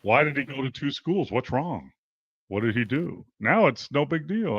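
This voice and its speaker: Animated older man coach telling it straight. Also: mid-range voice, moderate pace, slightly rough, no echo, highs cut off. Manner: animated storytelling, acts out quotes. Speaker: basketball coach and former pro player. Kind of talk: casual interview talk.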